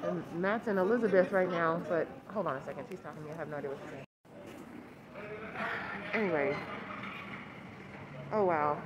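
A woman's voice: fairly low pitch, normal speed, pauses often, over a noisy crowd, poor audio. A woman chatting casually to her camera in a vlog. She rambles and sighs often while waiting outdoors for a cab. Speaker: vlogger.

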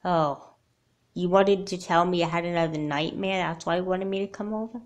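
Larissa, a chatty high-pitched girl doll voiced by a woman. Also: fairly even intonation, moderate pace, natural voice. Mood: curious. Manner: bright, talkative, questioning. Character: chatty, caring, religious young girl doll friend. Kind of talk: homemade doll movie voice acting.

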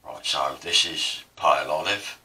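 Low bright-voiced man with an Essex accent. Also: unhurried, far from the mic. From Essex, South East England. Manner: rambling, self-deprecating, digressive. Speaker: artist demonstrating printmaking. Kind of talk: casual tutorial narration.

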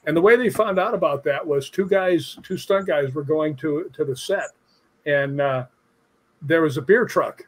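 A middle-aged man from Chicago, a stuntman guest, telling animated stories in a casual interview. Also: on the high side, moderate pace. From Chicago, USA. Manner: animated anecdotes with acted-out quotes.

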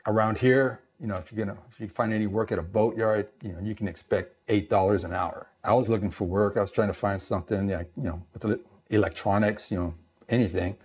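A middle-aged Navy veteran from East Los Angeles tells stories casually, his voice on the low side, quick and slightly rough. He's animated, acts out the voices of the people he quotes, and uses lots of fillers.

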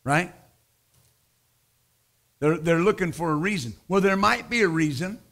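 A middle-aged man preaching a sermon as pastor, swinging from loud emphatic declarations to quiet, conversational storytelling. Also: high-pitched, unhurried.

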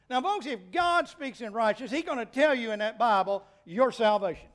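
Speaking briskly in a very high voice, a middle-aged pastor delivers an animated, folksy sermon whose emphatic moments rise to peaks.

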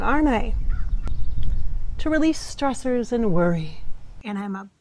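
Woman, slightly high voice, rambling, sassy, laughs a lot, casual vlog. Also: lively intonation, measured pace, pauses often, darkish tone. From Minnesota, US. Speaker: psychic vlogger. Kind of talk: casual blooper vlog talk. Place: home, car and outdoors.

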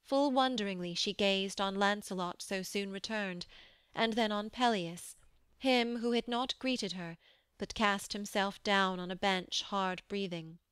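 A woman reads a verse poem for an audiobook with measured, solemn storytelling. Her voice is smooth and resonant, her pace slow, and the recording is dry and close. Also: mid-range voice, fairly bright tone, no echo. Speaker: audiobook narrator. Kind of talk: scripted narration of a verse poem.

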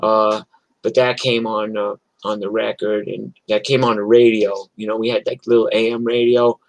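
A man's voice: fairly low pitch, level tone, moderate pace, dry recording, poor audio. An older man from New York telling rambling, profane stories in casual chat on a livestream. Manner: rambling, profane, chatty with restarts. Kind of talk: casual storytelling.

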